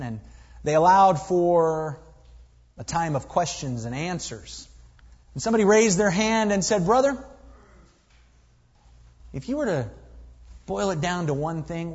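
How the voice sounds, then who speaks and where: A man preaching a sermon, reading scripture with swelling emphasis and dropping low and quiet at times. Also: slightly rough. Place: church sanctuary. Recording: dull, lo-fi recording in a reverberant hall.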